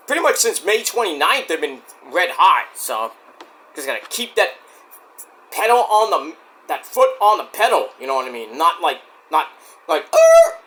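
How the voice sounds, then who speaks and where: A man giving a casual solo review of a wrestling show, rambling and loudly acting out quotes. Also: high voice.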